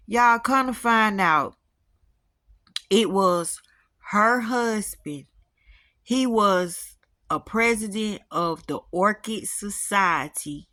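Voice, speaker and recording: A woman's voice: medium pitch, unhurried, dry recording, clean studio sound. A woman telling a spiritual story in casual chat, acting out the voices of the people in it. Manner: animated, acts out quoted voices.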